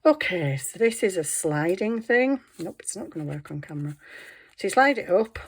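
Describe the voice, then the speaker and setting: A woman's voice: lowish voice, animated, normal speed, breathy edge. A middle-aged woman, chatting casually and giggling as she shows her craft work. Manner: chatty, giggly, self-deprecating. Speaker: craft vlogger. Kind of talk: casual show-and-tell narration.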